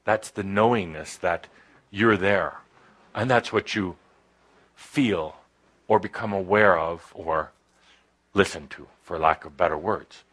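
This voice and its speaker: A man giving a channeled spiritual talk to a live audience indoors, halting and full of pauses and fillers, with playful asides. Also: low voice, a bit bright. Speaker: spiritual teacher channeling a guide.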